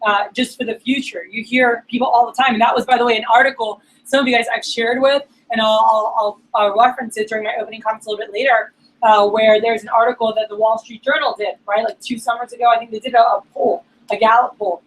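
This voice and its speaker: A woman with a slightly high voice addresses a staff meeting. She tells a motivational story in a lively, casual way, peppered with slang and fillers. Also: quick pace, poor audio. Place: meeting room.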